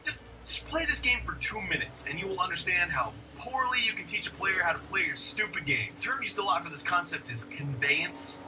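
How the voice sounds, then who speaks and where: A man hosting a video essay in an animated, profane style who swears a lot and shouts when he gets excited. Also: sits high, a little fast, few pauses, loud music behind the voice, poor audio.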